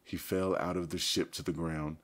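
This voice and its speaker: A man narrating a first-person story for an audiobook, steady and even. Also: low-pitched, normal speed.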